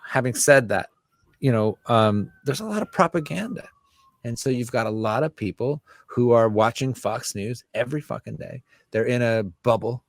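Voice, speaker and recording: Recorded dry at studio quality, this medium-pitched male voice belongs to a US writer and musician guesting on an interview. His talk is casual and passionate, animated and profane, and he acts out the voices of others.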